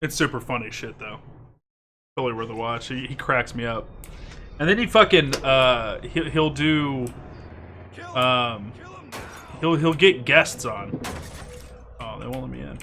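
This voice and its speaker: A man's voice: medium pitch, unhurried, long pauses, bright, forceful tone, slight background noise. A man hosting a co-op gaming stream, rambling through stories in casual chat, swearing freely and laughing as he goes. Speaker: gaming channel host. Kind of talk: casual chat over co-op gameplay.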